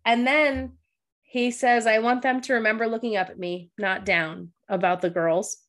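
Brief: young woman co-host, slightly high voice, talkative and teary, laughs while she cries, into a studio mic. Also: fairly even intonation, normal speed, a bit bright. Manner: emotional, tearful, laughing through sobs. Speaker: podcast co-host. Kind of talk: casual recap chat. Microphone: studio microphone.

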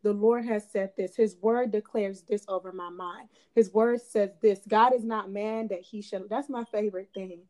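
A woman's voice: mid-range voice, fairly even intonation, moderate pace, few pauses, darkish tone. A young woman in her twenties, a guest on a faith podcast, talks earnestly and repeats phrases for emphasis, like a small sermon. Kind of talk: faith-based podcast conversation.

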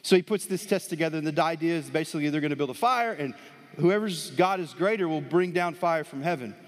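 A pastor preaches a sermon to a live church audience, animated and swinging between soft and loud emphasis. He talks fast in a fairly high voice, and the recording carries a long hall reverb.

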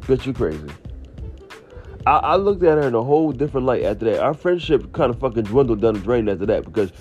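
A man telling a comedic story on a podcast, ranting in an animated, incredulous, profane way, with slightly muffled audio and faint music. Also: mid-range voice, fast talker. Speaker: podcast host.

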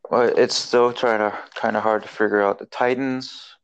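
A man's voice: lowish voice, steady tone, moderate pace, clean tone, highs cut off. A man co-hosting a casual sports chat, making game picks in a hesitant way with many fillers. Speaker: co-host making football picks.

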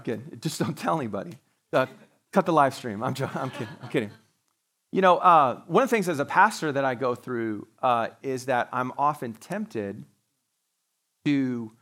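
A man's voice: medium pitch, fairly bright tone. Joking, conversational preacher, a man. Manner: conversational, joking asides with laughs. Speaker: pastor. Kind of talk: sermon. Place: church sanctuary, live-streamed service.

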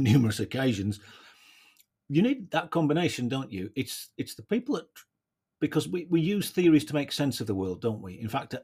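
A man's voice: mid-range voice, a little mellow, slightly rough. A man hosting a casual solo podcast, thinking aloud in a reflective way and often adding tag questions. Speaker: podcast host.

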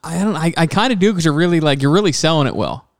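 A man's voice: a little high, lively intonation, fast talker, vocal fry, no room sound, studio quality. A man co-hosting a podcast in casual chat, teasing and laughing often. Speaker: podcast co-host.

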